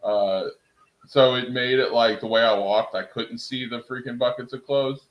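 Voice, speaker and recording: A young man streaming from home, chatting casually with his viewers in an excitable, rambling way and laughing at himself. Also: medium pitch, normal speed, roomy sound, lo-fi sound. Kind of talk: casual live-stream chat.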